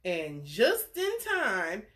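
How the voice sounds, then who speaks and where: A woman tells a bedtime story to young listeners, her voice bright and crisp. Her pitch swings widely as she narrates and stops to ask the children questions. She keeps a playful, chatty manner throughout. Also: wildly swooping pitch, very slow.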